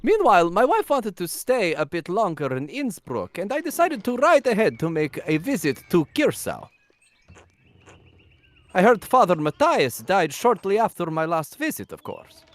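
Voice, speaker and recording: A gossipy nobleman from a historical video game, voiced by a man, lifting his voice high and swooping through wide melodic turns. He sounds airy and slightly theatrical, as if he is relishing his own news. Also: wildly swooping pitch, normal speed. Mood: genteel. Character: genteel gossipy nobleman, middle-aged male art lover. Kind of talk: live voice-over of game dialogue.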